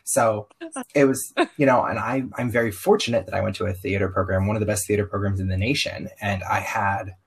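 Young man, slight Southern accent, low husky voice, candid animated interview guest. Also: brisk. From Southern US, raised partly in Baltimore. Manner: open, animated storytelling with quoted asides.

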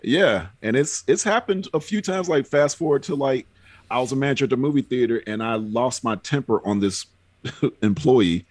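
A man's voice: mid-range voice, animated, moderate pace, darkish tone, dry recording. A man chatting on a podcast, telling rambling personal stories with frequent fillers. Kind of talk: casual podcast chat.

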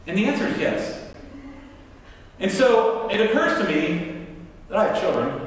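Animated preacher in an echoing hall. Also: male voice, high voice, a little slow, pauses often, slight background noise. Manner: animated, acts out his own anger in quoted lines. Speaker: pastor. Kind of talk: storytelling sermon. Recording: roomy hall, mic at a distance.

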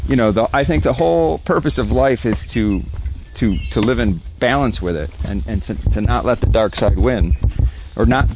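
A man speaking as the guest artist in a reflective interview, earnest and growing animated when he makes a point. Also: lowish voice, noisy background.

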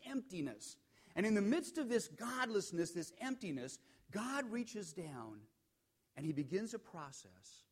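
A man preaching a sermon, telling a story and building to emphatic peaks before dropping to hushed, quiet lines. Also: sits high. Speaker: pastor.

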